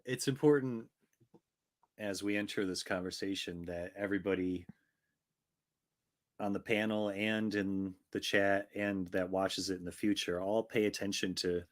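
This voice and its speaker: A man's voice: low-pitched, steady tone, measured pace. A man being interviewed in a casual chat, teasing and mock-solemn. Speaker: guest.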